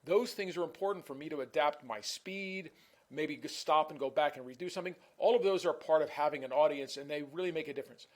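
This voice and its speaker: Guy lecturing a class, a bit high voice, talks fast, restarts a lot. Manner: conversational, repeats words and restarts; self-admittedly talks fast. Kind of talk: recorded online lecture.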